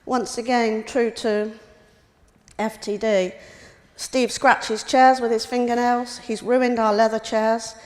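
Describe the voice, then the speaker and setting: A woman's voice: mid-range voice, steady tone, measured pace, a little mellow. Woman telling her story in a reverberant hall. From United Kingdom. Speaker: carer giving a talk. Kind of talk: reading a prepared personal talk. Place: hospital lecture room.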